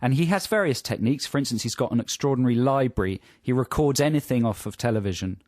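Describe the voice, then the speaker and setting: On a studio microphone, a male radio co-host jokes around in a casual chat while reading from an article. His voice is medium-pitched and expressive with a darkish tone, delivered quickly in a dry space with no room sound.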